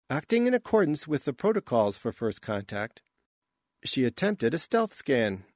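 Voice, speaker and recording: A man giving scripted audiobook narration in a measured, even tone. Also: mid-range voice, no echo, clean studio sound.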